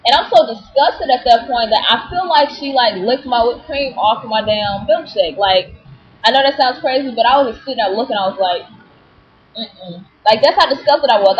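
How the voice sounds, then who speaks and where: Casual vlogger, woman, higher register, animated and indignant, muffled webcam sound. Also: a little fast. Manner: animated, indignant storytelling with many fillers. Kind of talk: casual vlog rant. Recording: dull lo-fi webcam audio with faint hiss.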